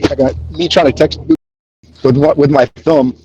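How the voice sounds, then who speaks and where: A man calling in from his car while driving, talking in an excitable, rambling way. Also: medium pitch, measured pace, breathy edge. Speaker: caller. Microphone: phone. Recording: dull lo-fi phone call.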